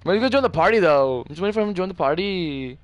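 A young man chatting over a game with his friends, his voice sitting a touch high. He is excitable and profane, swings between shouting hype and muttering to himself, and keeps up a constant stream of trash talk. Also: racing, slight background noise. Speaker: gamer host. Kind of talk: casual gaming chat.

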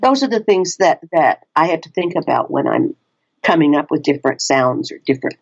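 A woman's voice: fairly quick, creaky, muffled recording. A woman with a Texan accent, an audiobook narrator chatting animatedly as an interview guest. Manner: animated, restarts often, frequent pitch swings. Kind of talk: casual interview chat.

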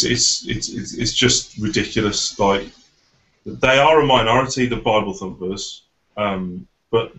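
A man who is a podcast guest in casual chat, wry and halting, with a lot of restarts. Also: fairly low pitch, fairly bright tone, low-quality recording.

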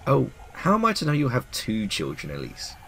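Man doing a sly, hushed demon. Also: mid-range voice, wildly swooping pitch, creaky, slight background noise, pitched above the performer's own voice, exaggerated voice, poor audio. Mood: menacing. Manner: silky, mocking, slow and hushed. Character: sinister male demon bargaining for souls. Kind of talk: reading game dialogue aloud in voices.

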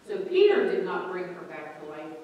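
A woman pastor preaching a sermon, telling stories and lively quoting the people in them. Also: lowish voice, normal speed, muffled recording, slight background noise. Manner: storytelling with lively quoted voices. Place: church sanctuary. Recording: echoey church from far off.

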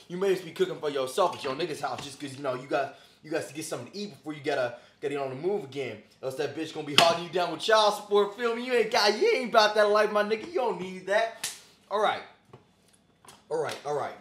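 A young man doing a comic cooking video in his home kitchen, talking in a swaggering, slang-heavy, boastful way. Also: fairly high pitch. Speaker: comedic cooking vlogger. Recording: echoey kitchen, faint noise.

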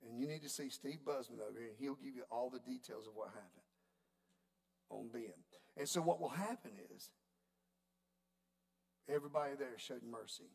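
A man preaching a sermon, telling a story in a folksy, animated way. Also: medium pitch, normal speed, gravelly, pauses often. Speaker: pastor.

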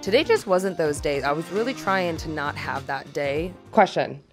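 Woman, low voice, casual vlog voice-over, candid, self-deprecating, faint music behind. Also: normal speed. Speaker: DIY vlogger.

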